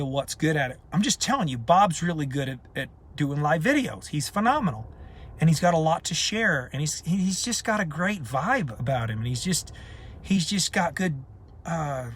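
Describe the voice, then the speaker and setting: A man's voice: on the high side, fairly bright tone, breathy edge. A man leading a community, talking in an unscripted live video, emphatic and passionate, hammering points home by repeating them. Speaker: community leader.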